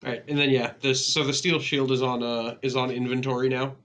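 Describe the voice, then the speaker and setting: A man's voice: mid-range voice, flat delivery, fairly quick, a bit bright. A man chatting casually as a player, with dry offhand quips. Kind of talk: casual game chat.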